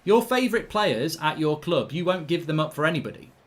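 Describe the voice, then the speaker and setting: A man, hosting a live football watchalong, reading viewer chat and arguing back in an animated, ranting way. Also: on the high side, brisk. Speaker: livestream host.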